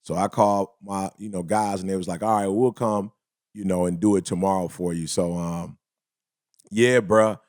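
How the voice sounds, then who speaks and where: A man co-hosting a casual podcast chat, telling stories in a lively, slangy way and acting out other people's lines. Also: deep voice, normal speed, no echo, clean studio sound. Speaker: podcast co-host.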